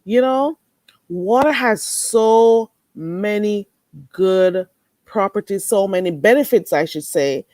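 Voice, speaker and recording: A woman chatting casually with her viewers, animated and laughing easily. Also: mid-range voice, takes it slowly, no echo, clean studio sound. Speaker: vlogger answering live chat.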